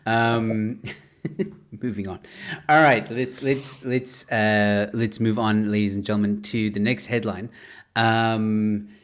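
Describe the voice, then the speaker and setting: A man hosting a comedy panel, reading headlines in an unhurried way with many fillers and laughs. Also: lowish voice, little pitch movement, clean tone. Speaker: host.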